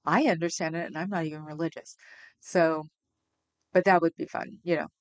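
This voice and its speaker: Lower-pitched woman chatting on a livestream. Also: fairly even intonation, fairly quick. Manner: rambling, chatty, laughs often. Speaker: livestream host. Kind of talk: casual livestream chat. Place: at home.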